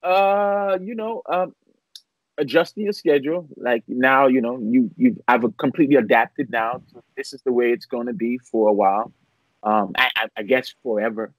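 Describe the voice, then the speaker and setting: Relaxed middle-aged pastor, mid-pitched. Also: male voice, normal speed, no room sound, low-quality recording. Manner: relaxed, hesitant, lots of restarts and laughs. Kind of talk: casual interview chat.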